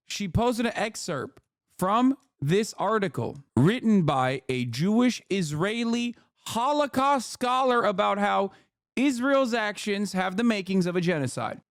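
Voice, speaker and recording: A man's voice: high-pitched, no room sound, studio quality. A man hosting a stream, talking in a profane, sarcastic, rambling way. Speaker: streamer host. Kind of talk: casual commentary.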